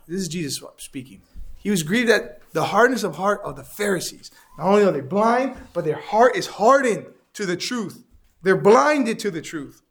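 A man's voice: sits high, a bit bright. A man teaching an interactive Bible lesson, asking the class questions and repeating their answers.

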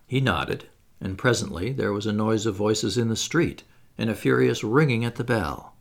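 Gravelly, expressive male audiobook narrator. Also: lowish voice, normal speed. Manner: expressive, dramatic reading. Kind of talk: audiobook narration of a classic novel.

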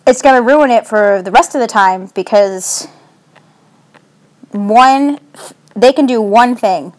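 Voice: mid-range voice, slow pace. A young adult vlogger talking into a phone in a casual, anxious, rambling way. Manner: anxious, rambling, self-deprecating.

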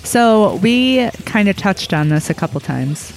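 A podcast host chatting casually in a soft, hesitant way. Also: medium pitch, expressive, unhurried, soft background music. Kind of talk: casual chat.

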